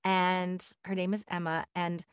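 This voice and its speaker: Woman, lowish voice, podcast host, enthusiastic, dry close sound. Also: a little slow, smooth, no echo. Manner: enthusiastic, animated storytelling. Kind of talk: casual interview chat.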